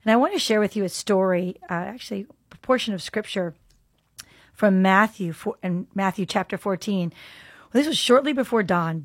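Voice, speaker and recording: Husky woman hosting a faith podcast. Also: mid-range voice, no echo, studio quality. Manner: earnest, musing aloud, shifts into soft whispers. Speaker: podcast host. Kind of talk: faith podcast talk with scripture reading.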